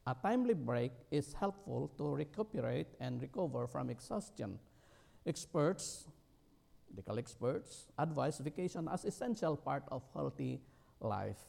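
Gravelly middle-aged man preaching haltingly. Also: mid-range voice, animated, darkish tone. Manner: halting, with many fillers and restarts, rising emphatically on key words. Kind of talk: sermon.

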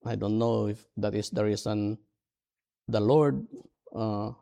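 A middle-aged male pastor preaching a sermon in English, which is not his first language. His voice is dark and gravelly, and he speaks slowly in an earnest, halting, self-deprecating way. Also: fairly low pitch, fairly even intonation.

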